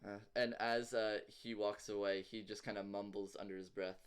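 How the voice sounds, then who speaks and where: A man's voice: on the low side, flat delivery, moderate pace, clear, resonant tone. A man narrating a tabletop game as game master, describing scenes loosely with many fillers.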